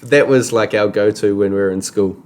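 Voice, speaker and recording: A man hosting a casual podcast chat, relaxed and swearing freely. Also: fairly low pitch, a little fast. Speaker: podcast host.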